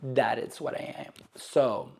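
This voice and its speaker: A man's voice: medium pitch, fairly even intonation, a little slow, gravelly, darkish tone. A young man ranting to camera in a sarcastic, rambling, dramatic way. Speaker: vlogger. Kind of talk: casual rant to camera.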